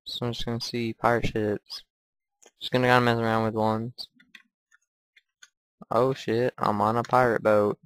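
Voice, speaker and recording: A man's voice: mid-range voice, flat delivery, moderate pace, long pauses, no echo. A man giving crude, profane let's play commentary while gaming. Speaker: gamer.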